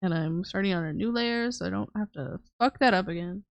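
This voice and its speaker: A young woman with a gravelly, vocal-fry edge to her mid-pitched voice. She teases and swears her way through a relaxed live-stream chat. The sound is close and dry, with no room around it. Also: brisk, no room sound, dull audio. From Canada. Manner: teasing, swears freely, chats with viewers while drawing.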